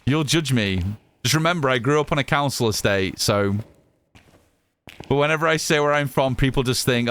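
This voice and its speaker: A man's voice: mid-range voice, normal speed, fairly bright tone, smooth. An English man from the Northwest, chatting casually while streaming a game and answering his chat, often repeating himself. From Northwest England, Cheshire. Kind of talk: casual live gameplay chat.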